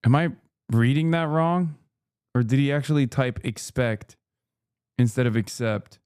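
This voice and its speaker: Brief: male stream host, mocking and crude, smooth clear voice, dry close mic. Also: medium pitch, measured pace, a little mellow, no room sound. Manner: sarcastic, profane, incredulous. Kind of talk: live-stream commentary.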